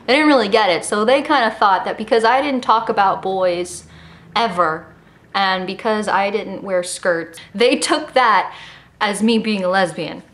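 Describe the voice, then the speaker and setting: A woman in her early twenties from Miami, with a slight Miami accent, vlogs to her camera at home in California, picked up by the camera mic. She's sassy, joking and casual, with a mid-range, somewhat bright voice and a measured pace.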